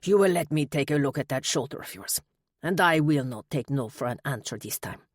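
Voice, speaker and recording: A woman's voice: a bass voice, lively intonation, fairly quick, no room sound, clean studio sound. A woman voicing a firm, formal older male country doctor with a Spanish accent in an audiobook.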